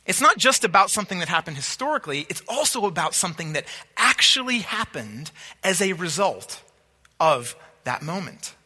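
A man's voice: high voice, sing-song, moderate pace, bright, forceful tone, slightly rough, long reverb tail. A man preaching a sermon, teaching emphatically and asking rhetorical questions.

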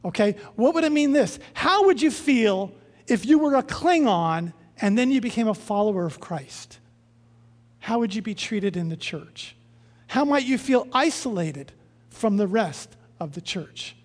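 A pastor preaching a sermon in an emphatic way, with pitch and loudness rising and dropping for stress. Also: expressive, unhurried. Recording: long reverb of a large hall.

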